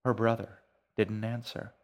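Guy with a lowish voice narrating his own book, calm and measured. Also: clear, resonant tone. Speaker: author reading his own serialized novel. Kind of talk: audiobook narration.

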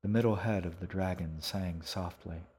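A man narrating an audiobook in an even, unhurried storytelling manner. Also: deep voice. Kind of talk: scripted narration.

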